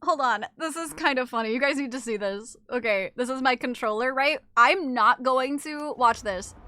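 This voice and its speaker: A woman's voice: sits high, normal speed, sharp tone. A young woman streaming a video game, chatting casually to her viewers, giggly and self-mocking, swearing freely. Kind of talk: casual gaming stream chat.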